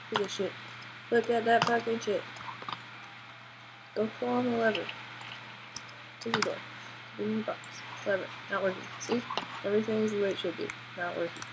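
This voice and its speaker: Woman gamer, let's play commentary, jittery, excitable, higher voice, hissy lo-fi laptop mic. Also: normal speed, long pauses. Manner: jittery, excitable, swearing at her character. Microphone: built-in laptop mic.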